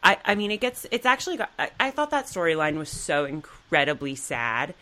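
A woman's voice: deep voice, sing-song, a little fast, sharp tone. A woman co-hosting a podcast, chatting casually and animatedly retelling TV scenes. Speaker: podcast co-host. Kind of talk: casual chat.

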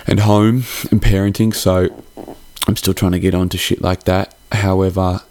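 A young male podcast host with a very deep voice speaks at normal speed in a flat, even tone. He rambles through a heartfelt, casual holiday sign-off, dropping the occasional swear word, and the recording is dry and close-miked.

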